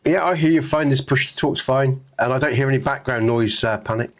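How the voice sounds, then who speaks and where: A man's voice: mid-range voice, a little fast. A laid-back man from Scotland hosting a hunting game stream, swearing often and laughing easily. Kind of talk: casual gaming chat.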